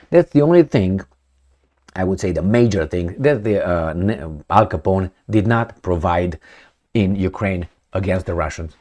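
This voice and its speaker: A man giving sarcastic political commentary with non-native phrasing, animated and fond of mouthing sound effects. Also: on the low side.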